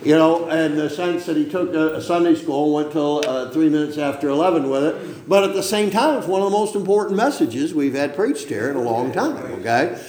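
An older man preaching a sermon, rambling and emphatic, often tagging lines with a quick "okay?". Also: on the high side, lively intonation, darkish tone, echoey room. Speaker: pastor. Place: church sanctuary.

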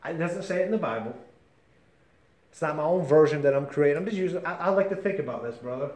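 Impassioned high-voiced male preacher, echoey room. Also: lively intonation, fast talker, a little hiss or hum. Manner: impassioned, swings between shouting and near-whispering; addresses listeners by name. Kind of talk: sermon.

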